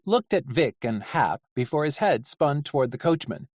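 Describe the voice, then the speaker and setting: An audiobook reader giving measured, animated narration of a story. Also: mid-range voice, no room sound, clean studio sound. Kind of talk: scripted narration.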